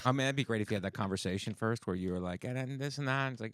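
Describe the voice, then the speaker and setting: Male comic co-host, bright rambling riffs, dry close sound. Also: fairly low pitch, racing, clear, resonant tone, no echo. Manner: rambling, riffs with quoted voices. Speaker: comedian podcast co-host. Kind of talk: casual comedic chat.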